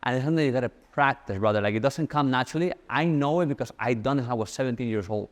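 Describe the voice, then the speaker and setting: Fast-talking young male sales coach. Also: mid-range voice. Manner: fast, animated, repeats key points. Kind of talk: casual coaching talk.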